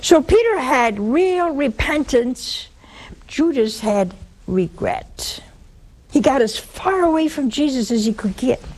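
A woman preaching a sermon in a conversational, dramatic way. Her pitch swings sharply, and she sometimes drops to hushed asides. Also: animated, slow pace. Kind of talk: sermon to a live and broadcast audience.

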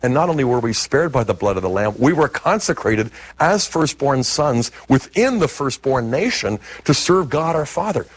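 A man's voice: medium pitch, normal speed, few pauses. A man speaking as a guest in an interview, explaining biblical history in an emphatic teaching manner. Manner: animated, emphatic teaching delivery.

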